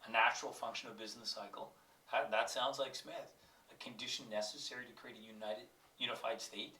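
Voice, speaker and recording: A man's voice: mid-range voice, fairly even intonation, brisk, sharp tone, echoey room, far from the mic. A man with a cold, a teacher thinking aloud as he works through exam questions and reads passages aloud. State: has a cold.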